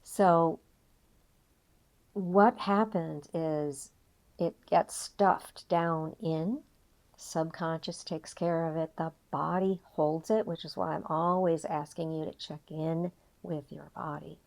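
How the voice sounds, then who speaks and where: An older woman coaching an emotional tapping session, reflective and gently guiding, with frequent pauses. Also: low-pitched, steady tone, vocal fry. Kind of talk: guided tapping session talk.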